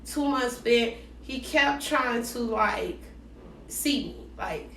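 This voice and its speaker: Woman spilling a dating story, slangy and animated, kinda high voice, roomy echo and sitting back from the mic. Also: slow pace, creaky, far from the mic, slight background noise. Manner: animated, slangy, acts out both sides of conversations. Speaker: vlogger telling a dating story. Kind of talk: casual storytime chat.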